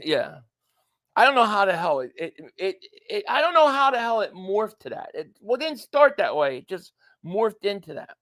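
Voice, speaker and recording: A man's voice: high-pitched, a bit bright, no room sound, clean studio sound. A man hosting a casual live stream, chatting and reading viewer comments aloud.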